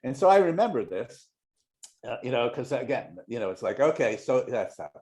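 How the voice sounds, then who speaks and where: A man's voice: mid-range voice, very animated, moderate pace, darkish tone. Rambling middle-aged male storyteller. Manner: rambling, many restarts, acts out quoted voices. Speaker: guest, longtime showrunner. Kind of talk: casual anecdotal storytelling.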